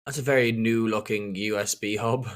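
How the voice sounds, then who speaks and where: A man's voice: lowish voice, steady tone, normal speed. A man chatting casually on a podcast while commenting on a film. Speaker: podcast co-host.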